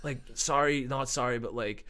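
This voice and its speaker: Bright-voiced young man from Boston. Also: mid-range voice, normal speed. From Boston, Massachusetts. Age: 20s. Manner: animated, swearing, jokey banter. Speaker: podcast host. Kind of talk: casual chat.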